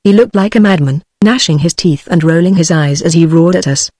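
A computer-generated woman's voice with a British accent, reading an adventure novel aloud in an even synthetic manner. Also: on the low side, fairly quick, no room sound. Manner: even synthetic reading, same voice for every character. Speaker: narrator. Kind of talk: text-to-speech audiobook reading.

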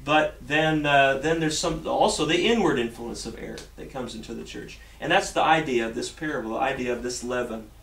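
A man's voice: medium pitch, a little fast, gravelly, few pauses, a bit bright. A man preaching a sermon in a church, earnest, often repeating himself and restarting phrases. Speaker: pastor. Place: church sanctuary. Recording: roomy echo, mic at a distance, faint hiss.

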